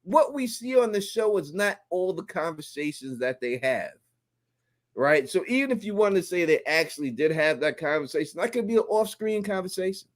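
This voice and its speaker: A man co-hosting a live stream in casual chat, animated and slangy, laughing often. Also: high-pitched, normal speed.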